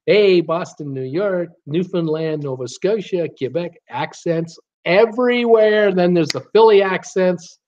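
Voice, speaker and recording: A man's voice: high voice, takes it slowly, darkish tone, lo-fi sound. A man hosting a casual live stream, rambling through viewer comments with lots of "uh" and restarts. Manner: rambling, frequent "uh" and restarts, upbeat replies to viewers. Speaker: YouTube channel host reading live chat.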